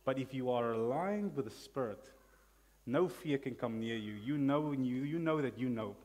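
A man with a South African accent preaching an animated sermon in church, calling out hallelujah and amen. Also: mid-range voice, moderate pace. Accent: South African English. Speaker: pastor. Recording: long reverb of a church hall.

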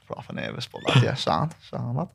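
A man with a Scouse accent chatting casually as a podcast guest, slangy, trailing off softly at times. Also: medium pitch, very animated, fairly quick, gravelly, husky. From Liverpool, England. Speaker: guest footballer. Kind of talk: casual chat.

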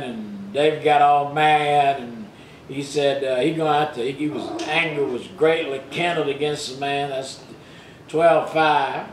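A man preaching a sermon as pastor, retelling scripture in plain everyday speech and rising loud for the quoted rebukes. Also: fairly high pitch, measured pace, roomy sound, slight background noise, poor audio.

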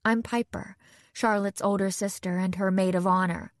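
A woman's voice: mid-range voice, steady tone, normal speed, dry recording, studio quality, close to an everyday voice. A woman voicing a bubbly young woman, a model and older sister, with a breezy, gushing manner.

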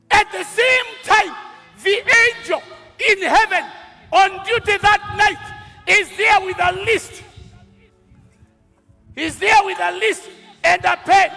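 A high, bright-voiced man with a Kenyan accent delivers a sermon at an unhurried pace. He shifts from quiet storytelling into shouted declarations. It is a live recording in a large hall with long reverb and faint music behind. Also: creaky. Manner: dramatic preaching that swings from quiet storytelling to shouting. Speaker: bishop.

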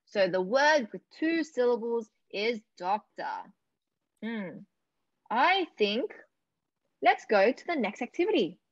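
A young Australian woman cheers small children on in a fairly high, lively voice, taking each phrase slowly. The sound is muffled and lo-fi, dry with no room around it. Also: dry recording. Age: young adult. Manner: gentle, encouraging, drawn out for young children. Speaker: speech clinic presenter. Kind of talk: children's educational lesson. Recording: dull dry lo-fi audio.

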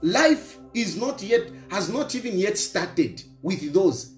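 Roomy echo and faint music surround a middle-aged Zambian man with a Zambian accent as he slowly scolds an opponent in a high voice with big pitch swings. He's an opposition politician who lectures, repeats phrases and points, and mixes local words into his English.

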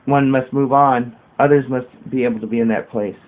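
A man's voice: mid-range voice, steady tone. Man reading scripture over thin audio. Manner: slow, explanatory, with small restarts. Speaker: reader. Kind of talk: reading a religious text aloud with comments. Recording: narrow phone-like sound.

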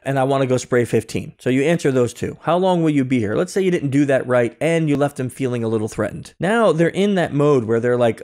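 A security consultant appearing as a podcast guest tells a personal story over a remote call, acting out dialogue and restarting himself often. His mid-range voice swings widely in pitch, moves at a normal speed, and sounds a little mellow.

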